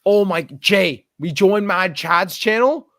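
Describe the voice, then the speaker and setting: A high-voiced, drunk man hosts a rowdy chat and tells stories with great excitement. His voice jumps all over the place, and he swears constantly. The sound is dry and close. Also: takes it slowly, no echo. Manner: excited, swearing, retells stories with put-on shouts. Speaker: podcast host.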